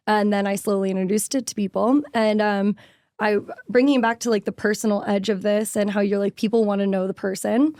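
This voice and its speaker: A young woman with a rustic, raspy voice, a content creator telling stories in a casual panel chat, full of "like" and fillers. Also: medium pitch, steady tone, a little fast, darkish tone, no echo, clean studio sound. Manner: chatty storyteller, fillers and "like". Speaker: food content creator guest.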